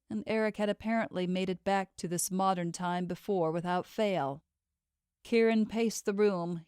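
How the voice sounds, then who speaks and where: A woman narrating a romance novel audiobook in a steady, measured way into a close studio mic. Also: fairly low pitch, clear, resonant tone, no echo. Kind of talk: scripted narration.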